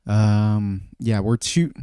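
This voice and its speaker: A man's voice: on the low side, very slow, mellow, clean tone, dry recording, clean studio sound. A man streaming casually, thinking aloud, often trailing off and restarting his phrases. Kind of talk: casual livestream chat.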